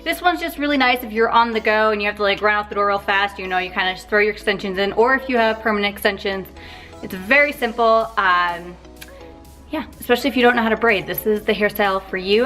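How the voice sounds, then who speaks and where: A young woman chatting casually through a hair tutorial, with filler words and quick asides. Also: on the high side, bright, forceful tone, faint music behind. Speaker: beauty vlogger.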